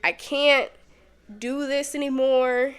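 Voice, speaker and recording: A woman's voice: high-pitched, level tone, slow pace, fairly bright tone. A woman voicing a weary male prophet who begs God to end his struggle. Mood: despairing. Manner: pleading, exhausted.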